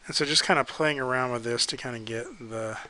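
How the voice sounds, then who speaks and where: Male art teacher, bright voice, casual halting critique. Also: medium pitch, a little hiss or hum, poor audio. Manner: relaxed, hesitant, many ums and likes. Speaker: art instructor giving pose feedback. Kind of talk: casual critique while sketching.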